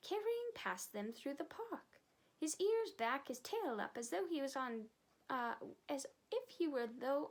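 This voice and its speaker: A librarian reading a children's storybook aloud, stumbling and restarting now and then, lightly voicing the characters. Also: female voice, fairly high pitch, rough recording. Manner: reads with frequent slips and restarts, voices characters lightly.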